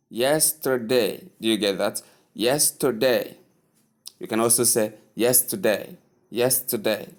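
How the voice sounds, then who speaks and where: A man teaching English pronunciation, repeating each word slowly and carefully. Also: mid-range voice. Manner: repeats words slowly, drawn-out emphasis. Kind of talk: slow spoken lesson.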